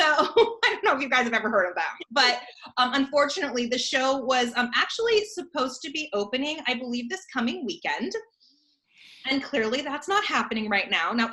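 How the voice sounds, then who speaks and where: A bright, chatty woman in her thirties talks about her children's theater work. Her voice stays clear and forward while she bounces through her points with frequent laughs. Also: mid-range voice. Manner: chatty and animated, laughing often. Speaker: children's theater company guest. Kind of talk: casual remote interview chat.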